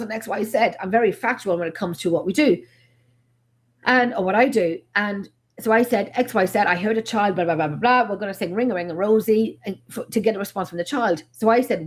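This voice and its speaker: An Irish woman hosting a paranormal live stream, telling stories in a rambling, animated, casual way. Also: mid-range voice, fairly quick. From Ireland.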